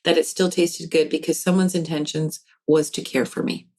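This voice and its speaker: This guest, a developmental counselor and author, has a low-pitched voice and talks at a moderate pace. She's animated throughout the podcast interview, voicing parents' words as quotes while she explains.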